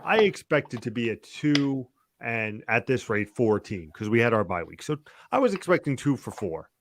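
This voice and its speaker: A man co-hosting a casual fantasy football chat, excitable and animated, with loud bursts. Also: medium pitch, normal speed. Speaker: co-host.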